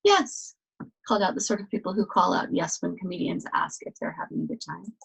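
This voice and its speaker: A woman reading a novel aloud as a storyteller, with steady, expressive narration. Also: fairly low pitch, quick pace, vocal fry, husky, poor audio.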